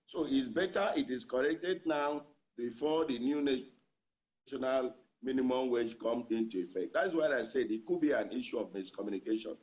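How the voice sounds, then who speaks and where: A man's voice: mid-range voice, moderate pace, a little mellow. A man with a Nigerian accent, a labour union leader answering a news interviewer by remote line, repeating his points for emphasis.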